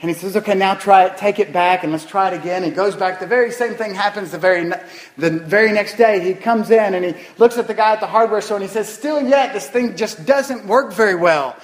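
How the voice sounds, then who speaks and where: A man's voice: high-pitched, fairly even intonation, quick pace, echoey room, poor audio. A man preaching a sermon, telling folksy stories and asking the congregation rhetorical questions. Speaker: pastor.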